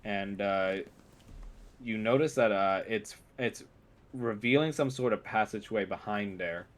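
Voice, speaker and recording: A man narrating as game master of a tabletop game, with frequent pauses and fillers. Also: lowish voice.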